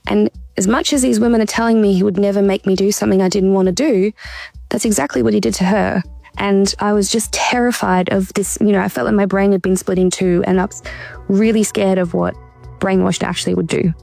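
A woman speaks in an earnest, measured way as a guest, her voice carrying a gravelly creak. She pauses and restarts as she works through her account. Faint music sits underneath. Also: mid-range voice, fairly even intonation, darkish tone, no room sound. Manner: measured, reflective, occasional restarts. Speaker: interview guest. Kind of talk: earnest personal account in conversation.

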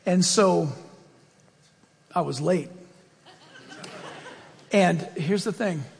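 A man preaching a sermon as a pastor, telling a self-deprecating story with animated asides. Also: sits high, extremely slow, creaky, long reverb tail, slight background noise.

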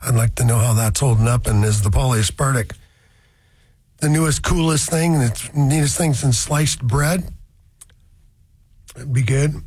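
A man's voice: mid-range voice, measured pace, pauses often, a little mellow, husky, no room sound. A man hosting a car radio show, rambling through folksy asides in a casual chat.

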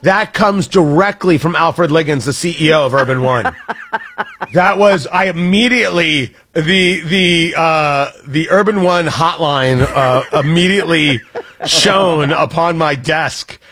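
A man's voice: fairly high pitch, a little slow, fairly bright tone, slightly rough. A male radio host talking in loose, jokey on-air banter, laughing often and mocking himself.

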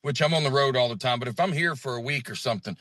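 Bright Southern-accented man, lively storyteller. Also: mid-range voice, rapid-fire, dry recording. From Alabama. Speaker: comedian guest. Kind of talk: casual interview chat.

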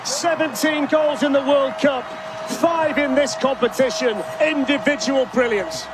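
A man calling a soccer match live, rising to shouted goal calls. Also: very high-pitched, measured pace. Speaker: soccer play-by-play commentator. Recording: stadium crowd noise behind.

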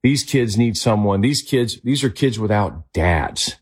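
Husky, emphatic male talk show host. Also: lowish voice, animated, measured pace, darkish tone. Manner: enthusiastic, emphatic. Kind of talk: faith talk show interview.

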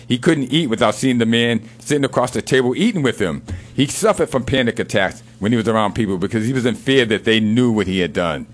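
A man co-hosting a casual show, telling a joke and reading sports history in an unhurried storytelling manner. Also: medium pitch, lively intonation.

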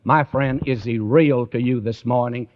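A man's voice: mid-range voice, steady tone, a little slow. A man preaching a sermon in an earnest way, often turning to the listeners with direct questions. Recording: dull lo-fi recording.

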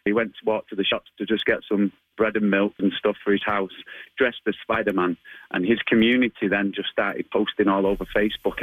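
A man's voice: on the low side, fairly bright tone, no room sound, low-quality recording. A man, chatting casually as an interview guest, laughing often and restarting his sentences. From England. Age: 30s. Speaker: martial arts school owner, guest.

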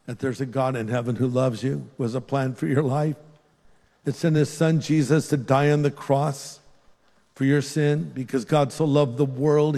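An older man preaching a sermon and leading an altar-call prayer, earnest and pleading, rising on key phrases and dropping soft to pray. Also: mid-range voice. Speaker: pastor. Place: large church hall with a live congregation. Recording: long hall reverb.

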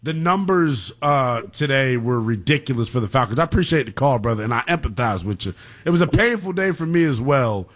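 A young man hosting a call-in sports radio show, ranting in a slangy, animated way. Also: medium pitch, fairly quick. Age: young adult.

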